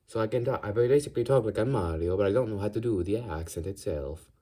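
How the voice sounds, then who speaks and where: An American man rambling casually in an ASMR-style monologue, drifting between put-on accents with some vocal fry. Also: lowish voice, fast, mellow.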